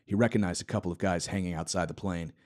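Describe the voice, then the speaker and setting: A man co-hosting a comedy podcast, reading a satirical story aloud in a deadpan tone. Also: deep voice, quick pace. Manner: deadpan reading, breaking into laughter. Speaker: podcast co-host.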